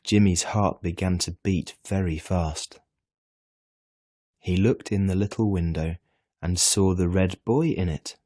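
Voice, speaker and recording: A man with a very deep voice reads a children's story slowly and evenly. The sound is close and dry, as from a small recording booth. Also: fairly even intonation, mellow, dry recording. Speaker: reader. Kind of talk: reading a children's story aloud.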